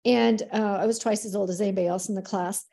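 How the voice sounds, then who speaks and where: A middle-aged woman, a dance teacher guesting on a podcast, telling stories in a lively, expressive way. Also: mid-range voice, fast talker, creaky. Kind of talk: casual podcast conversation.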